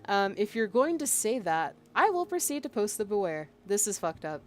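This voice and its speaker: A woman's voice: a little high, sing-song, moderate pace, few pauses, soft background music. Exasperated woman venting over a chat log. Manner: exasperated and emphatic, with frequent fillers and bursts of laughter. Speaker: VTuber. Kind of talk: casual venting while reading out a chat log.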